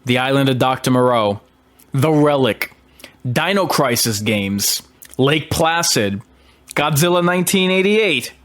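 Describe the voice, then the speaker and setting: A man's voice: mid-range voice, slow pace, fairly bright tone, a little hiss or hum. A man, a horror host, talking through a film in an emphatic, argumentative monologue with hesitant restarts.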